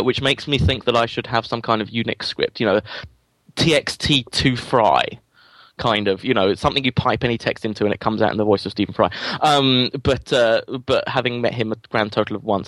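A man's voice: lowish voice, fast talker, hardly any pauses, a bit bright, no room sound. A man from England with an English accent drifting toward American, a guest chatting casually and stumbling over his words in self-deprecating asides. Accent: English, softened toward American. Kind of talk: casual interview chat.

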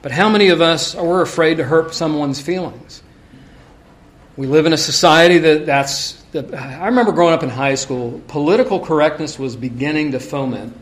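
A middle-aged man preaching to his congregation with a voice pitched a little above most men's. He talks in a loose, conversational way and fills the sermon with personal stories and asides. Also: normal speed. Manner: conversational, anecdotal, frequent asides.

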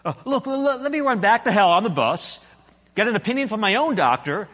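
A man's voice: sits high, very animated, normal speed, a bit bright, pitched above the performer's own voice. A preacher voicing a timid, wavering male ghost who stammers and pleads in a raised voice. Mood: panicked. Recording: echoey hall.

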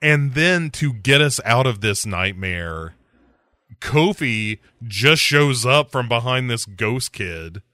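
Bright-voiced joking podcast host man. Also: medium pitch, takes it slowly, dry recording, clean studio sound. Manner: jokey, animated plot retelling with quoted voices. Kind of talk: casual movie discussion.

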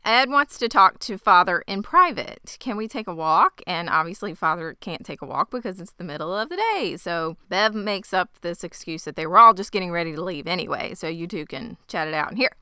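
A woman co-hosting a podcast, retelling a show's plot in animated, casual chat. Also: lowish voice, fairly quick, few pauses, smooth, no echo, studio quality. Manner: animated storytelling, acting out quoted characters with frequent laughs. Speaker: podcast co-host.

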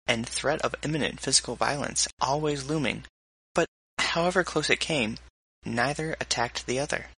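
A man reading a story aloud in a measured, even narration. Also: medium pitch, vocal fry, breathy edge, no echo, poor audio. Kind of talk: audiobook narration.

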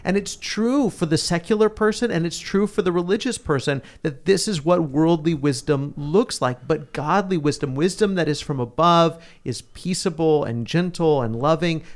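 A man co-hosting a Bible study, explaining scripture earnestly with everyday examples in conversational chat. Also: a little high.

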